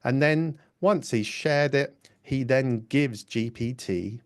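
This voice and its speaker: A man's voice: mid-range voice, slow pace, smooth. A man presenting a live webinar, explaining step by step in a casual way. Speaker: workshop presenter.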